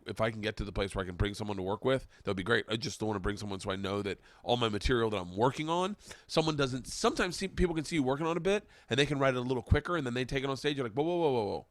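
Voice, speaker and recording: A man's voice: mid-range voice, dry recording. A man hosting a podcast, a stand-up comic in casual chat who tells profane stories and acts out the quotes. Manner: fast, profane storytelling with acted-out quotes.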